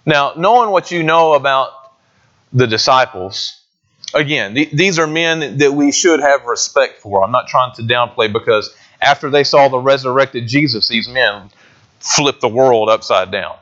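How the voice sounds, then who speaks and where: A man's voice: medium pitch, animated, a little slow, fairly bright tone, dull audio. A man preaching a sermon in a conversational way, often asking his listeners questions. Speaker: pastor.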